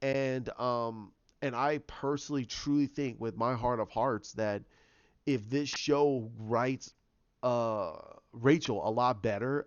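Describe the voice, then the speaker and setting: A man's voice: mid-range voice, measured pace, smooth, dry recording, highs cut off. A man giving a casual spoken review of a TV episode, rambling with many restarts and fillers.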